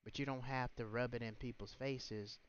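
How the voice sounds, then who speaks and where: A man's voice: medium pitch, fairly even intonation, moderate pace, clean tone. Indignant man ranting on a livestream. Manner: indignant, rhetorical, scolding. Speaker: livestream host. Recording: muffled, lo-fi stream audio.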